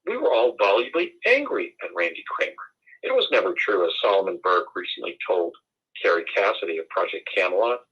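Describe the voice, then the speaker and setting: A man from the United States, with a fairly low and slightly rough voice, is heard on a muffled recording. As a guest in a conversational interview, he speaks emphatically, formally, and with indignation.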